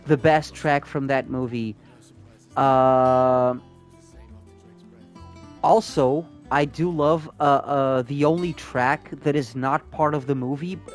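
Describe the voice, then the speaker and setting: Slow-talking male game streamer. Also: a little high. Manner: chatty and rambling, reacts to chat, swears freely. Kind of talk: casual live-stream gameplay commentary.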